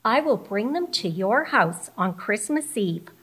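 A woman voicing a jolly old male Santa Claus, speaking in a slow, cheerful and inviting way. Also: medium pitch, lively intonation, fairly bright tone, husky. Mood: jolly, coaxing.

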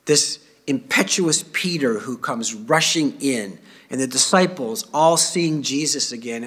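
Man, sermon, scripture reading, slightly high voice, expressive with soft asides. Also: slightly rough. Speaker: preacher.

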